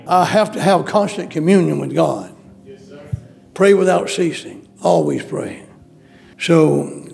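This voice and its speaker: A man's voice: takes it slowly, gravelly, pauses often, a little mellow, soft background music. A man preaching a sermon, pleading and repeating his prayers over and over. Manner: pleading, repetitive, with bursts of pitch.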